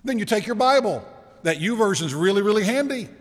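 A male pastor giving a sermon in a relaxed, conversational way, asking the congregation questions and slowing down to stress key words. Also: high-pitched. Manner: conversational preaching with rhetorical questions and slowed emphasis. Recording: long reverb of a large hall.

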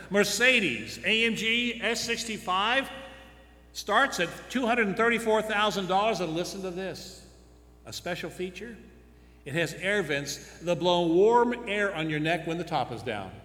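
Bright-voiced preacher in an echoey hall. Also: male voice, high voice. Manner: rhetorical questions and dry humorous asides. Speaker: pastor. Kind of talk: sermon. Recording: echoey hall with faint hum.

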